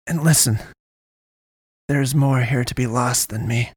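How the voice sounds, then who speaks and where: A man voicing a wounded young woman in a storybook reading, speaking low and clipped with a muttering edge. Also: measured pace, breathy edge, no room sound. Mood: fierce. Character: wounded pale young woman, curt and fierce.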